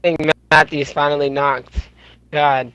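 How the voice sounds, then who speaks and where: A man running a roll-call vote in a casual group voice chat, joking as he goes and a bit hoarse. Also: fairly high pitch, little pitch movement, a little slow, a bit bright, no room sound, low-quality recording.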